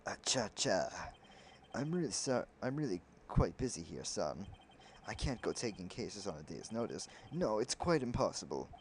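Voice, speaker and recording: A man voicing a pompous older male lawyer who keeps clearing his throat theatrically. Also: fairly low pitch, very animated, normal speed, darkish tone, slight background noise.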